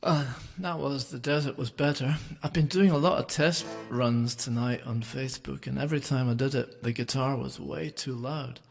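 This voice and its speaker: Music plays beneath a singer-songwriter's creaky, medium-pitched voice as he talks at normal speed, barely pausing. Streaming live from home, he chats between songs in a relaxed, rambling way packed with fillers.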